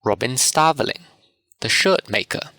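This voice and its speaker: A man reading the part of a patient carpenter who runs a play and hands out roles, in an orderly, calm manner, in a storybook reading. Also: mid-range voice, normal speed, no echo. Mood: organizing.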